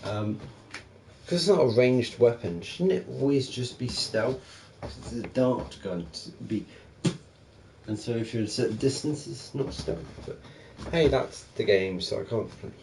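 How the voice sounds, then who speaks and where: A young man chatting casually and profanely about video games, rambling and animated. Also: mid-range voice, moderate pace, vocal fry, slight background noise, low-quality recording. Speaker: gaming channel streamer.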